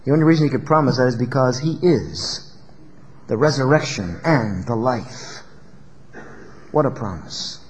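A male pastor preaching a sermon in an emphatic style, rising to loud peaks and dropping low. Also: lively intonation, normal speed, long pauses, big-room sound, slight background noise.

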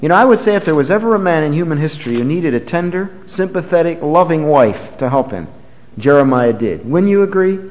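A man preaching a sermon, swinging from loud, high emphasis to low, quiet lines, and reading scripture aloud in old-fashioned English. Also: lively intonation, fairly quick, in a large hall, rough recording. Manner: emphatic, rises and drops sharply in pitch and volume.

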